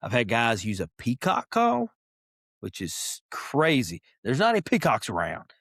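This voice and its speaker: A middle-aged man, a podcast guest chatting casually and telling lively stories, now and then imitating animal calls. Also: medium pitch, measured pace, no echo, studio quality. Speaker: podcast guest, wildlife biologist. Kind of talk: casual interview chat.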